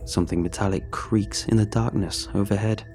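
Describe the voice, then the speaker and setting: A man narrating a first-person horror story in a measured, tense, scripted way. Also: fairly low pitch, fairly even intonation, a little mellow, soft background music.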